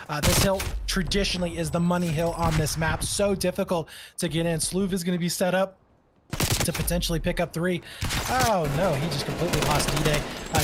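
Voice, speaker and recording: A man's voice: high-pitched, very noisy. A young man giving esports color commentary, rambling analysis with lots of filler words. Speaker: esports co-caster.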